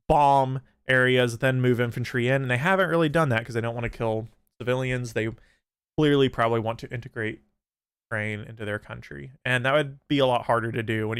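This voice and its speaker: A young man hosting a livestream, chatting casually and profanely, with many restarts and animated outbursts. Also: mid-range voice, clear, resonant tone, dry recording. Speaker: streamer host.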